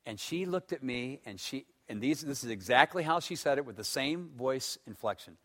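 A man preaching a sermon, telling stories and swinging between loud emphatic stretches and hushed ones. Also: medium pitch, animated, moderate pace. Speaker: pastor.

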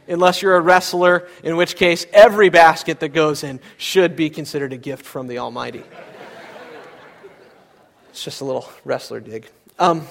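A young adult man preaching a sermon with plenty of animation, his pitch sitting a bit high for a man. He tells stories, swings his voice up and down widely, and acts out other people's voices as he goes. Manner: animated storytelling, acting out voices. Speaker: pastor.

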